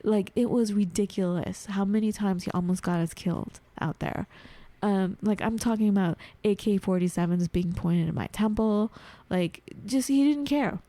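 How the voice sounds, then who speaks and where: A woman guest on a podcast, telling a personal story in lively conversation, acting out the voices of people she quotes and using many filler words. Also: medium pitch, moderate pace, few pauses, no room sound. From United States. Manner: animated, acts out quoted voices, frequent "like".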